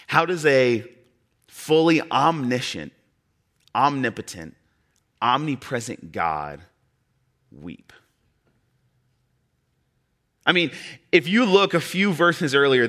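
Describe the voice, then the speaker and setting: A man preaching a sermon in an earnest way, with dramatic pauses and soft drops in his voice. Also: mid-range voice.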